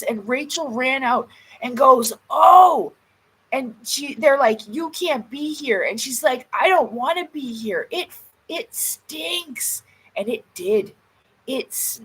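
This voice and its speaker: A woman's voice: fairly high pitch, slightly rough, low-quality recording. A woman in her thirties chatting on a livestream, telling a funny story, laughing and catching herself swearing. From Canada. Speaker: livestream vlogger. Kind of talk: casual storytelling chat. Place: home, by a door while smoking.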